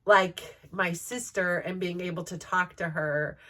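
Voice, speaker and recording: A woman's voice: on the low side, fairly even intonation, measured pace, sharp tone, far from the mic. Chatty woman telling stories, slightly off-mic. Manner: chatty, laughs often, many "like" fillers. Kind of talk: personal storytelling.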